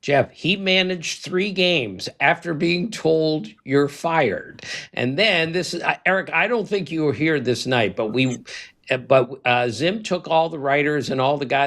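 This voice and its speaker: An older man, a baseball writer, telling lively anecdotes in a podcast chat, acting out quotes and laughing often. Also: fairly high pitch, vocal fry.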